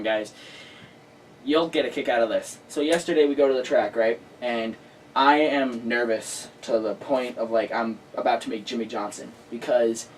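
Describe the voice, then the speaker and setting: A male host telling a story in casual chat, excitable and full of filler words. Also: medium pitch, distant mic, slight background noise, poor audio.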